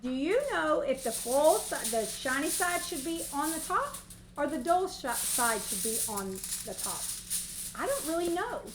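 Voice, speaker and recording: A woman's voice: high voice, very animated, a little slow, roomy sound, noisy background. A woman, hosting a casual cooking livestream from her home kitchen and talking in a long-winded, folksy way. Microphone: mic set on the counter.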